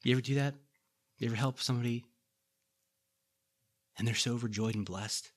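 A man's voice: mid-range voice, brisk. A middle-aged man preaching a sermon in a conversational way, repeating key lines and making folksy asides to the congregation. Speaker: pastor.

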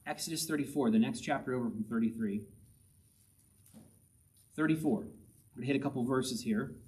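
A man's voice: mid-range voice, fairly quick, darkish tone, distant mic, poor audio. A man preaching a sermon in a conversational way, reading scripture aloud and repeating his key points for emphasis. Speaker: pastor.

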